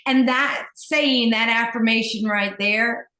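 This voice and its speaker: A woman's voice: on the high side, takes it slowly, pushed and bright. Enthusiastic woman breathwork teacher, casual and gushing, recorded in a roomy space. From Virginia, US. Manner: enthusiastic, gushing, with many fillers and restarts. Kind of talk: casual conversation.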